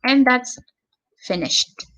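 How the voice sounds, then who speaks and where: An English teacher with a high, bright, clear voice leads an online grammar lesson very slowly and patiently. She is expressive, repeats key words and spells endings out letter by letter.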